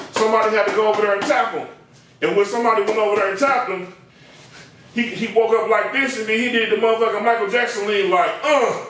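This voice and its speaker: High-voiced man telling a barbershop story. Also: fast talker. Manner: slangy, animated, acts out voices. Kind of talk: comedic storytelling. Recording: very echoey, distant from mic.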